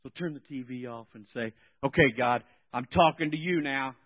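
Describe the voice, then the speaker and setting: A man preaching a sermon in an animated way, swinging between soft and loud. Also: medium pitch, normal speed. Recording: tinny phone-like sound.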